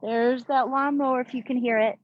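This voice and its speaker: Woman yoga teacher guiding breath really slow, kinda high voice, dull dry lo-fi sound. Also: fairly even intonation, no echo. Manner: slow, soothing cues with long pauses. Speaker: yoga instructor. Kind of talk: guided yoga breathing class. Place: outdoors in the mountains. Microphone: camera mic, looking up at camera.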